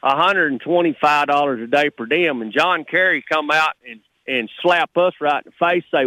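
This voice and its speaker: A man's voice: on the high side, moderate pace, sharp tone, no room sound, low-quality recording. A middle-aged man, a radio caller talking in a blunt, fired-up, rambling way. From Texas. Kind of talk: call-in radio talk.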